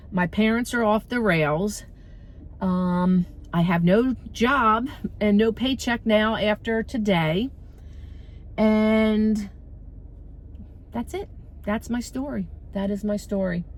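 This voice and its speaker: A middle-aged woman vents through a rambling story of a bad day, full of fillers and asides. She talks casually to her viewers while standing outdoors by a street. Her voice sits at an ordinary pitch. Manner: venting, rambling with many fillers. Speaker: vlogger. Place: outdoors by a street, waiting for a ride.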